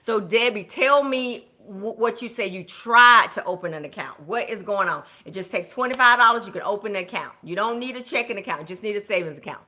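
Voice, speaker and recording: Woman, budget coach, clear bright tone, chatty live stream, encouraging. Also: medium pitch, fairly quick, hardly any pauses. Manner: chatty, encouraging, cheers viewers on by name. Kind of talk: live-stream coaching, reading viewer comments.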